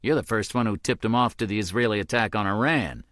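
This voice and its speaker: A man's voice: fairly low pitch, fast talker, fairly bright tone, no echo, clean studio sound, natural voice. A man voicing a sarcastic middle-aged male CIA agent, breezy and joking in an audiobook. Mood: wry, teasing.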